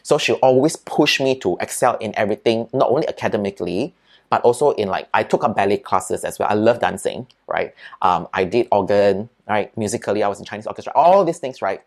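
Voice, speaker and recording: A man with a Singaporean accent, a podcast guest, telling childhood stories in a lively, chatty way and often adding "right?" and "lah". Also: lowish voice, brisk, gravelly. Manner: animated storyteller, peppers speech with "right?" and "lah". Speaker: interview guest. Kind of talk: casual storytelling in an interview.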